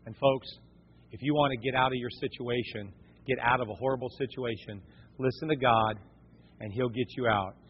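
A man's voice: mid-range voice, steady tone, moderate pace, slightly rough. A man preaching a sermon in a folksy storytelling way, talking to his congregation as folks. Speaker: pastor. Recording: dull, echoey church hall recording.

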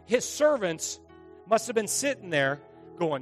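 Middle-aged male pastor, lively storytelling sermon with jokes, slightly high voice, soft music underneath. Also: a little slow. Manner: animated, joking storyteller who acts out voices.

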